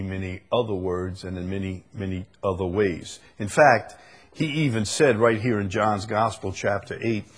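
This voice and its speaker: A man's voice: lowish voice, breathy edge. A man preaching a sermon and reading scripture aloud, earnest and rising to emphasis on the verses.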